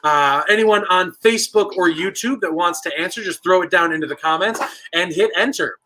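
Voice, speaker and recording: A man with a high-pitched, slightly fast, bright voice and a forceful tone hosts a live online trivia night from a stone-walled store basement, captured on a rough recording. Playful and jokey, he casually reads out viewer answers and banters with the chat.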